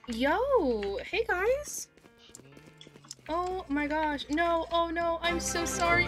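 A young woman streaming live, chatting casually with her viewers in a gushing, excitable way and swearing freely. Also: high-pitched, takes it slowly. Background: music playing.

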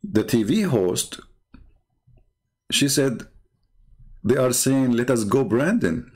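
A man's voice: mid-range voice, big pitch swings, slow pace, pauses often, a little mellow, husky. A man hosting a show, giving mocking commentary with lots of laughter and repetition. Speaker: host.

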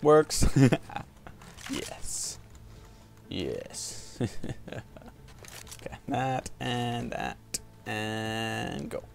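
A man cracks jokes and trash-talks his way through a game in relaxed let's-play commentary. His voice is gravelly and unhurried. Game music and gunfire keep rolling behind him. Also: fairly low pitch. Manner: joking, trash-talking. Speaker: gameplay commentator.

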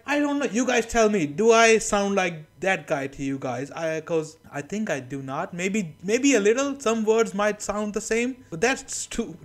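A man from India hosting a reaction video, chatting casually, laughing often and swearing, into a camera-mounted mic. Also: high-pitched. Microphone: camera-mounted shotgun mic.

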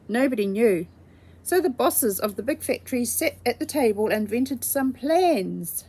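A woman reading a children's storybook aloud in a gentle, measured way. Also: a little high, expressive, slightly rough.

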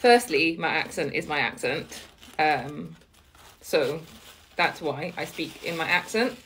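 A woman's voice: sits low, expressive, a bit bright, slight background noise. A woman from Wales with a faded Welsh accent blended with London, chatting casually while eating on camera. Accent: faded Welsh mixed with London. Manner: chatty, eating between words, slow and unhurried. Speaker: mukbang vlogger.

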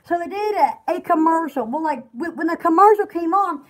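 Woman, shop host, high and lively, rambling and giggly. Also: a little fast. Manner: giggly, chatty, rambling, reads product lists aloud. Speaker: online shop host selling bath products. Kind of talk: casual live sales chat.

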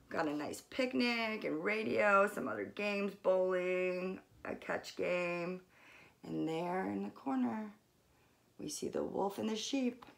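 Gentle woman reading a children's story. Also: mid-range voice, vocal fry. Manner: gentle, pausing to describe pictures softly.

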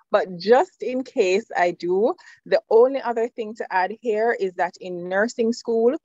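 Woman, nursing lecturer; measured, firm delivery; dry, muffled lo-fi sound. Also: medium pitch, a little mellow, dry recording. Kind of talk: presentation to students.

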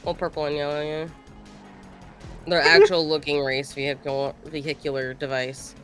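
A woman's voice: low-pitched, little pitch movement, moderate pace, a bit bright, faint music behind. A woman racing with friends in a game, squealing, laughing and joking crudely. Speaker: co-player. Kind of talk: casual gaming banter.

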